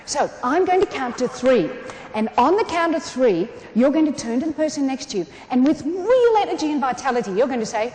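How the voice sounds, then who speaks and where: An Australian woman speaks from a conference stage in a high, very lively voice. She delivers a humorous motivational keynote and talks straight to the crowd. The sound is roomy and echoes like a large hall. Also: brisk. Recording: echoey conference hall, some room noise.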